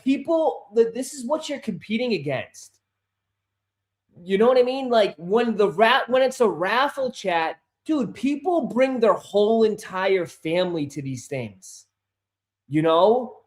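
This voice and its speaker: A man hosting a casual sneaker livestream who swears, gets easily frustrated and calls his viewers bro and dude, turning loud and insistent when he makes a point. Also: sits high, very animated, unhurried. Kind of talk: casual live-stream chat. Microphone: desk microphone.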